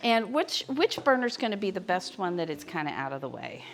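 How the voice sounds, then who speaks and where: A woman hosts a live cooking demonstration from her home kitchen, chatting with viewers as she cooks. Her voice sits on the low side with big pitch swings, and she talks briskly over soft background music.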